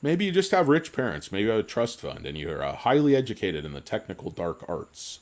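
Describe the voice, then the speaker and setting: A man's voice: medium pitch, big pitch swings, a little fast, hardly any pauses, a little mellow. A tipsy man hosting a casual livestream, rambling jokily and reading out chat names. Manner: rambling, jokey, reads chat aloud. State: tipsy from drinking. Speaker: livestream host.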